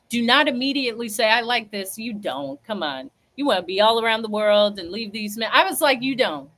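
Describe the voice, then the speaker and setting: Woman host, sassy and emphatic storyteller, slightly high voice. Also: fairly bright tone. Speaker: livestream host. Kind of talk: casual storytelling livestream.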